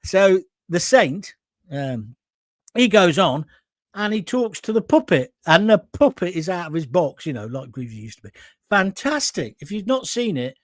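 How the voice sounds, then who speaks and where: A man's voice: high voice, big pitch swings, normal speed, no echo, clean studio sound. An older man hosting a live opinion show, reading out viewer comments and ranting with indignation and sarcasm. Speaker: host.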